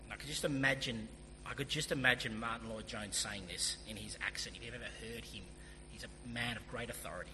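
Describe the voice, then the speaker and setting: A man's voice: medium pitch, steady tone, fairly quick. A man preaching a sermon as pastor, earnest and emphatic, with casual asides. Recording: long hall reverb, faint hum.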